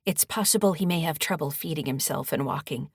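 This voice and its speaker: A woman voicing a female hospital doctor who speaks in a calm, clinical way. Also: low-pitched, brisk, creaky, husky, no echo, studio quality, heavily acted.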